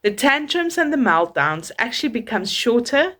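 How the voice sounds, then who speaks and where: Calm South African mother, lively tone. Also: on the high side. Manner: calm, measured, advising. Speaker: parenting vlogger, mother of a toddler. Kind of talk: scripted parenting tips to camera.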